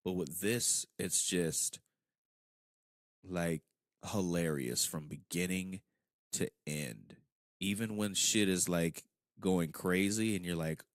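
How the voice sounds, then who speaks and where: Low gravelly man, casual podcast chat. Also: takes it slowly, no echo, studio quality. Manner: relaxed, profane, trailing off quieter at phrase ends. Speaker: podcast co-host.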